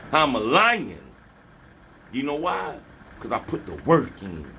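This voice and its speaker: A man's voice: fairly high pitch, sing-song, slow pace, gravelly, bright, forceful tone, a little hiss or hum. A man delivering a preachy motivational rant as a spiritual vlogger, scolding and taunting his listeners with repeated slogans. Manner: repeats slogans, mocking laughter.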